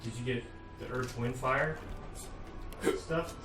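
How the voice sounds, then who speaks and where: A man playing a game with friends, teasing them with quick comebacks. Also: medium pitch, over music. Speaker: player. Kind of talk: casual gaming chat. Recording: distant echoey mic with hiss.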